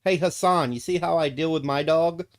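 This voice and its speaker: A man's voice: on the high side, normal speed. A man streaming casually, cooing to his dog in baby talk and swearing freely when he rants. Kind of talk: casual live-stream chat.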